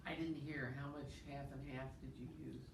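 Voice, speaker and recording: A woman's voice: extremely low pitch, fairly even intonation, fairly quick. A woman pastor chats casually on a church livestream, talking between bites of food. Her voice is caught from a distance in an echoey kitchen, with a faint hiss under it. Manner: chatty, talks while eating. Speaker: pastor and co-host. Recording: echoey room, mic far off.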